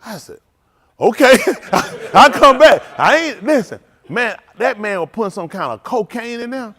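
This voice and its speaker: A man, a pastor telling food stories to his livestream with laughter and excitement. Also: very high voice, normal speed. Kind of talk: casual livestream storytelling.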